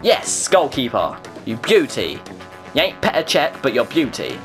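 A young man narrates his own gameplay as it happens. He is excitable, jumping between highs and lows in pitch, and he swears and mutters to himself. Faint music plays behind him. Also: measured pace. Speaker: gaming video creator. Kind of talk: live gameplay commentary.

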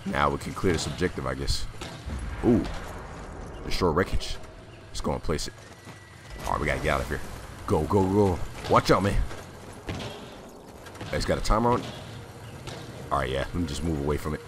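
A man giving casual gameplay commentary, jumpy and prone to sudden loud exclamations, with a slightly raspy voice. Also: rumbling low, lively intonation, fairly quick, pauses often, noisy background. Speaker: gamer.

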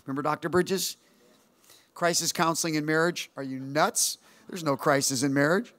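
A man's voice: a little high, normal speed. A man in his sixties, a pastor telling stories in a sermon and calling for amens and responses from the church. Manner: animated storytelling preacher, calls for amens and response.

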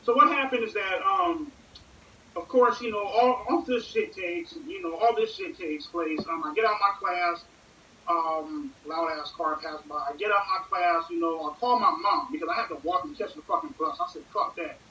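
A young man rambles through a crude comic story, heavy with curses and fillers. His voice is sharp and bright. He sits away from the mic in an echoey room with a faint hiss behind him. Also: high voice, normal speed, distant mic. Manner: rambling, profane, lots of fillers.

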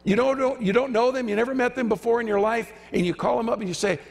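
This visiting preacher talks fast in a steady tone, his high, gravelly voice ringing through a church sanctuary's long reverb. He preaches emphatically, performing the voices he quotes.

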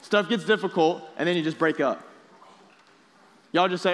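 A young youth pastor preaches to a youth group in a casual, energetic way, drawing the students in with quick questions. His voice is a little high, and the long reverb of a large, echoey hall trails after his words.

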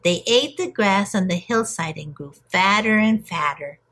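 Woman teacher, storybook read-aloud for kids, very lively pitch, slightly husky. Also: measured pace. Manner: expressive, storytelling. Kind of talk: reading a storybook aloud to children.

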